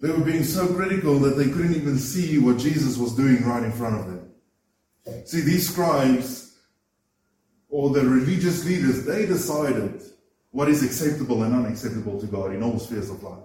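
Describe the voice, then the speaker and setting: A man's voice: mid-range voice, normal speed, warm tone, slight background noise. A man preaching a sermon, earnest and emphatic, often repeating words as he builds a point. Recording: roomy echo, voice from far off the mic.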